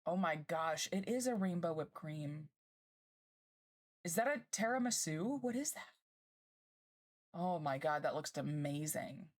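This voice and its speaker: A woman streamer chatting casually with her live chat, bubbly and gushing and quick to laugh. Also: low voice, animated.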